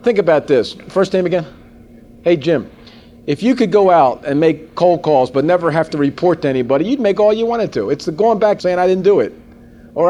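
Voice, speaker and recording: Animated folksy male seminar speaker. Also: sits high. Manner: animated, folksy, quizzes the audience. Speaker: sales trainer. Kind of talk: seminar talk to a live audience.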